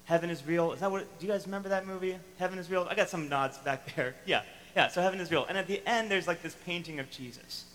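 A man preaching a sermon to a congregation, animated and emphatic, acting out the lines he quotes. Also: sits high, fast talker, few pauses, long reverb tail, rough recording. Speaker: pastor.

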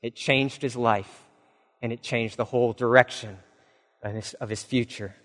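Pastor preaching in a reverberant hall. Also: male voice, normal speed. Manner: animated storyteller, acts out quoted voices, drops low and soft for solemn points. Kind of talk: sermon storytelling.

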